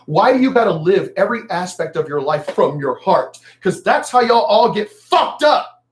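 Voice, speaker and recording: Male vlogger, high voice, angry swearing rant, mocking and emphatic. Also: sing-song, normal speed. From El Paso, Texas. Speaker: vlogger ranting on news. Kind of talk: profane political rant.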